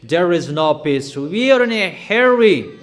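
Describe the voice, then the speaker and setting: Man, high voice, preacher, emphatic, repetitive, accusatory sermon. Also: big pitch swings, unhurried.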